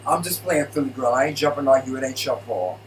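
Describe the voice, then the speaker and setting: A man co-hosting a casual live stream from his living room, greeting viewers in an animated, playful way. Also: medium pitch, fast, recorded from a distance, slight background noise, poor audio. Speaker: co-host of a live stream show.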